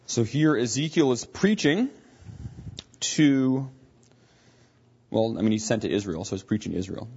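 A man with a husky, slightly breathy voice teaches a Bible lesson at an ordinary pitch. He explains as he goes, often stopping to restart a phrase. The recording sounds dull and lo-fi. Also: lively intonation, normal speed, pauses often, a little mellow. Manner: explanatory, thinking aloud with frequent restarts.

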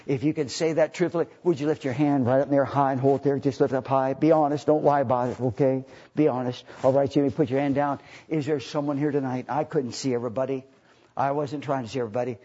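A man preaching an evangelistic sermon in a church service, rising to loud impassioned preaching and softening into prayer and an altar call. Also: mid-range voice, creaky, slightly rough. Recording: muffled, lo-fi church recording.

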